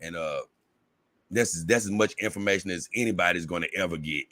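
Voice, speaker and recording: A man's voice: sits low, moderate pace, pushed and bright, dry recording, clean studio sound. A man with a Southern US accent hosting a casual livestream, reading viewer comments in a rambling way, repeating words and laughing often. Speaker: livestream host.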